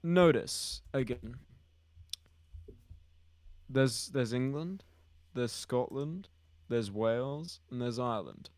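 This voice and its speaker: A young man co-hosting a comedy podcast, rambling through a deadpan mock-serious conspiracy bit. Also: mid-range voice, slow, pauses often, no echo. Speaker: podcast co-host.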